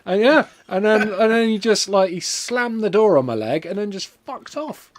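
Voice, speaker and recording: A man streaming with friends, telling a silly story in a deadpan, rambling way, with plenty of swearing. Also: high-pitched, moderate pace, crowd noise. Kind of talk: casual stream banter.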